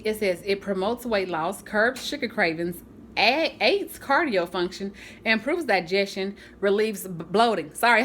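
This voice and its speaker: A woman vlogging casually to the camera, chatty and animated, often laughing and using folksy, churchy phrasing. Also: medium pitch. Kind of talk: casual vlog talk to camera.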